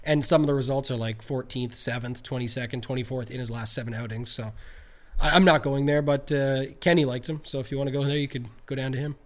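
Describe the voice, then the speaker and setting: A man co-hosting a casual podcast, weighing golf betting picks in a measured, analytical way. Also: medium pitch, fairly even intonation. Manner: measured, analytical, hesitant restarts.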